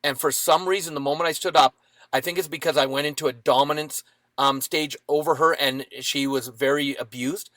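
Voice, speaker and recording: Guest voice: man in his fifties, slightly high, animated storyteller, dry booth sound. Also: fairly quick, no room sound. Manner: animated, dramatic retelling with acted quotes. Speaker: podcast guest. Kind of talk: storytelling in a podcast interview.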